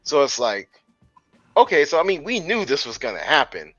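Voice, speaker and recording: A man co-hosting a podcast, chatting casually with lively, wry commentary. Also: fairly high pitch, moderate pace, dry recording, lo-fi sound, faint music behind. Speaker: podcast co-host. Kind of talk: casual chat.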